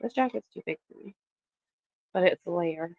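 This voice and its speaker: A woman in her thirties from Canada, chatting loosely on her live stream with a fairly low voice. She rambles, laughs a lot and drops casual swears, and the audio is dry and a bit dull and lo-fi. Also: expressive, normal speed, vocal fry, a little mellow, dry recording. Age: 30s.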